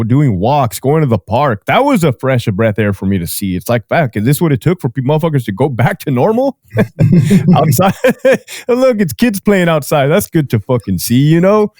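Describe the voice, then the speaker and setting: A man hosting a podcast in relaxed conversation, his voice moving up and down a lot. He swears casually and laughs often. The sound is dry and close. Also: medium pitch, no room sound. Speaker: podcast host. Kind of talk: casual chat.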